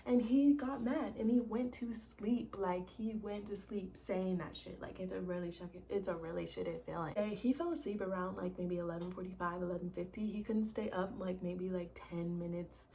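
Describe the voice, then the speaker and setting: A young woman vlogging a casual storytime, talking in a chatty, animated way, full of "like" and swearing. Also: lowish voice, moderate pace, vocal fry, few pauses, a little hiss or hum.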